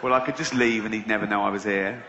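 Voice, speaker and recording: A man's voice: fairly low pitch, steady tone, fast talker, pitched below the performer's own voice, lightly acted. A man doing a prim, middle-aged mother thinking aloud in a mock-genteel tone. She sounds dryly calculating. The recording is echoey and muffled, with noise behind. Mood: musing. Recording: echoey dull live venue recording.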